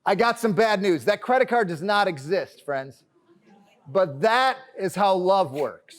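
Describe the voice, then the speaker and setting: A man giving an energetic, joking motivational talk from a conference stage, calling the audience his friends. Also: sits high, measured pace. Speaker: keynote speaker.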